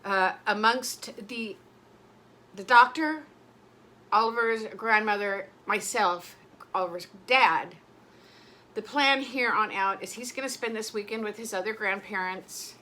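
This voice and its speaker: This middle-aged vlogger speaks unhurriedly in a medium, bright, forceful voice. Chatting casually, she rambles, gets emotional, and keeps interrupting herself partway through thoughts.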